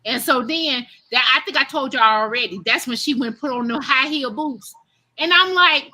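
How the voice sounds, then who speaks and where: Middle-aged woman host, AAVE, animated live-stream storyteller with a high, bright voice. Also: moderate pace. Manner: animated, laughing, addresses listeners as y'all. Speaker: host telling a childhood story.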